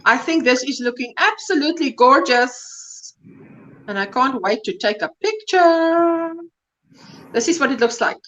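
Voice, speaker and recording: A woman's voice: high-pitched, expressive, unhurried, fairly bright tone, dull audio. A woman hosting a casual crochet livestream, talking in a gushing, enthusiastic, chatty way.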